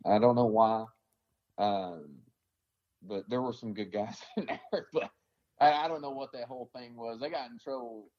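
A man at an ordinary pitch tells army stories in a blunt, profane, rambling way, filling his pauses with "uh" and "you know." The sound is a little dull and lo-fi. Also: a little mellow. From American South. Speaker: army veteran guest. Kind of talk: casual interview storytelling.

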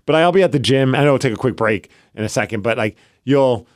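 A man's voice: mid-range voice, quick pace. A man in his thirties co-hosting a casual podcast, telling stories animatedly and poking fun at himself. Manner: animated storyteller, self-mocking, acts out his own inner thoughts. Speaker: podcast co-host. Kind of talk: casual chat.

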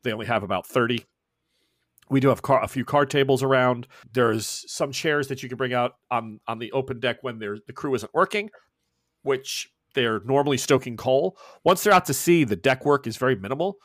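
A man's voice: medium pitch, normal speed, fairly bright tone, no echo, studio quality. Rambling man narrating as game master. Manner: rambling, many fillers and self-corrections.

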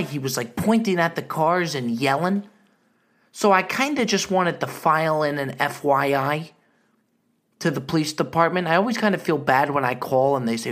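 A man's voice: on the high side, a bit bright. A man co-hosting a comedy podcast, telling a rambling, joking story in casual chat. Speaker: podcast co-host.

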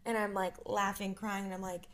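A woman's voice: medium pitch, level tone, moderate pace. A woman guest casually telling her side of a story in an interview, acting out quotes.

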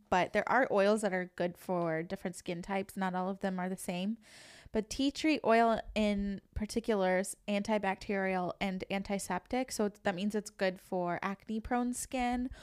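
A woman co-hosting a podcast, giggly and animated in casual banter. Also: medium pitch, clear, resonant tone. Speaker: podcast co-host.

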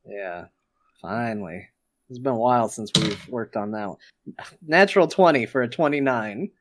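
A man's voice: medium pitch, animated, moderate pace, slight background noise. A man playing a tabletop game, asking careful questions of the game master. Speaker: player.

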